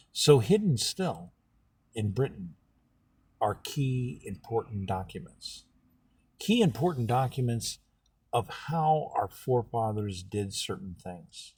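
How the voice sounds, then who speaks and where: A man speaking as a political candidate, telling a history story in an animated way and acting out the people in it. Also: mid-range voice, slightly rough, no echo. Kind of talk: campaign talk with storytelling.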